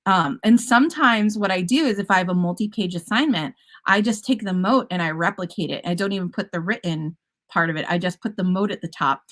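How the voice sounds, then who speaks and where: A woman teacher giving an upbeat, chatty conference presentation about classroom practice, with playful puns. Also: medium pitch.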